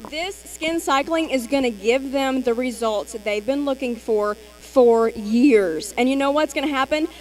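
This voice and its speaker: A woman's voice: high-pitched, slight background noise, poor audio. A woman co-presenting a live-stream sales training, speaking in an upbeat, encouraging way.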